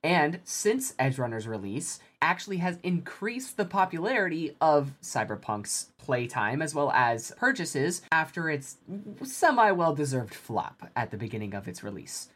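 Very deep-voiced woman hosting a podcast. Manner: measured and deadpan, newscaster-like. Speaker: podcast host. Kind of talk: casual podcast chat.

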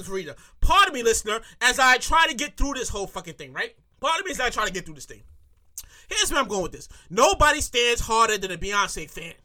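A woman performing a comic monologue from her own script, animated, repeating lines for emphasis and laughing at her own jokes. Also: a little high, a little fast. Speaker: comedic monologuist.

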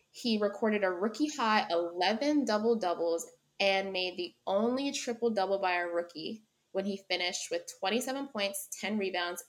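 A young woman co-hosting a sports podcast, reacting with animated exclamations and reading through lists of statistics. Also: mid-range voice. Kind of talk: casual sports chat and read stats.

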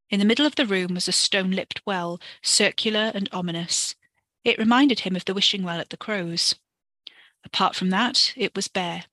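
A woman reading a story for a podcast in a steady, expressive way. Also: medium pitch, no echo. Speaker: podcast narrator.

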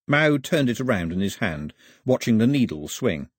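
A man narrating an audiobook as a lively storyteller, in a husky voice, recorded on a close studio mic. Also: lowish voice, normal speed, no room sound. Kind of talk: scripted narration.

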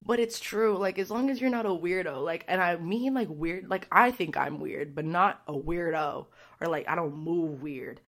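A woman talks through a casual podcast monologue in a slightly low voice. She is candid and outspoken and rambles from thought to thought. She fills her sentences with "like" as she goes. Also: moderate pace, fairly bright tone. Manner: candid, rambling, heavy use of "like"; blunt and outspoken. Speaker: podcast host.

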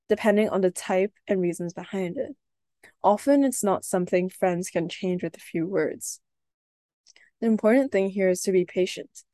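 Soft, earnest young woman, mellow tone. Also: mid-range voice, no room sound. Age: young adult. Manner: soft-spoken, earnest, with hesitant restarts. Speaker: podcast host. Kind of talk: personal reflective podcast talk.

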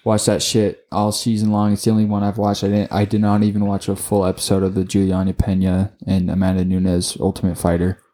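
A man co-hosting a casual sports podcast, talking excitably, swearing often and tripping over his words. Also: low-pitched, fairly quick, few pauses. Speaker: podcast co-host.

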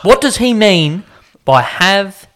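A man's voice: sits high, very animated, takes it slowly, a bit bright. A man co-hosting a podcast, needling his friend with mock-serious questions. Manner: teasing, mock-serious interviewer. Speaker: podcast co-host. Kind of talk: casual chat.

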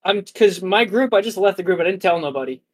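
High-voiced young man telling a story. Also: fast. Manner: animated storyteller, profane slang. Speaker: podcast co-host. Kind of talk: casual chat.

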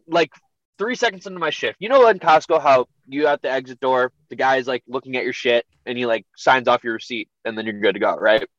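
A young man guesting on a podcast, telling a profane story in an animated, laid-back way. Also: medium pitch, fairly quick, no echo, muffled recording. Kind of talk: casual storytelling.

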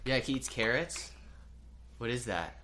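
A man's voice: mid-range voice, animated, a little slow, crowd noise. A man co-hosting a casual podcast, talking hesitantly with frequent ums as he plays a guessing game with a child. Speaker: co-host and uncle.

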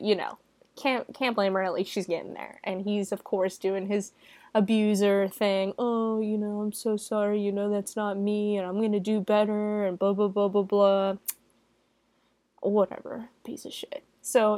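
A young woman giving a casual, chatty movie recap, swearing freely and jumping into high, loud mock quotes. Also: no room sound. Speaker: movie reviewer.

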